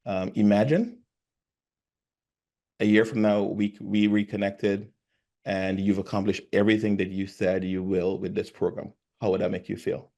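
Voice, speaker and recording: Man, low voice, casual sales coaching, acts out calls. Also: flat delivery, normal speed, vocal fry, mellow. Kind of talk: casual conversation.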